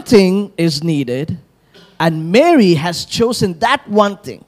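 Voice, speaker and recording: A male pastor preaches in an unhurried, deliberate rhythm. His voice sits high and swoops widely as he animates scripture and calls for responses from the congregation. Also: expressive, darkish tone. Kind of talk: sermon.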